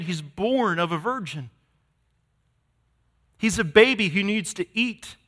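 Male pastor, high bright voice, emphatic sermon delivery, long hall reverb. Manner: emphatic preaching, swinging from loud to hushed.

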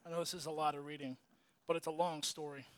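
Preacher, male, higher register, relaxed chatty delivery full of restarts. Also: fast. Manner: conversational, restarts and fillers, chuckles. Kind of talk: casual sermon.

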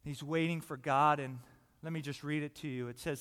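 A man with a high voice preaches to a congregation in a casual, conversational way. He swings from loud and urgent to a soft hush. His voice rings with the long reverb of a big hall. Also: fairly even intonation, normal speed, hardly any pauses. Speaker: pastor. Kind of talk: sermon.

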